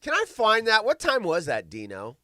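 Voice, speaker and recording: Animated, profane man hosting a live chat. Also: high-pitched, moderate pace, no echo. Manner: rambling, profane, swings between loud and mumbled. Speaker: podcast host. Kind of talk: casual live-stream chat.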